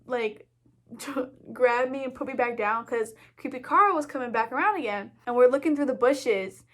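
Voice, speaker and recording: A young woman tells a story straight to camera, chatty and animated, with plenty of filler words. Her voice sits a little high for a woman. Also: moderate pace. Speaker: YouTuber. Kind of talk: storytime vlog.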